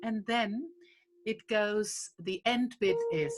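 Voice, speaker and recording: A woman's voice: mid-range voice, takes it slowly, heavy background noise. A woman leading a lullaby workshop, patiently explaining a song step by step and breaking off to sing phrases. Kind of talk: teaching a song to a group.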